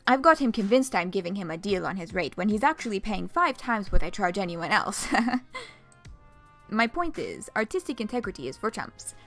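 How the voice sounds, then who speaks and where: A woman's voice: mid-range voice, a bit bright, natural voice. A woman voicing a cynical, brash female troll artist in a game, with a faint put-on French accent and a blunt, crude manner.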